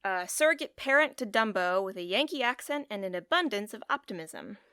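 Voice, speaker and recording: A woman's voice: medium pitch, lively intonation, fairly quick, bright, forceful tone, clean tone, no room sound, studio quality. A woman co-hosting a podcast in casual chat, rambling and giggly with a taste for puns. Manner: giggly, rambling, pun-loving. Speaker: podcast co-host.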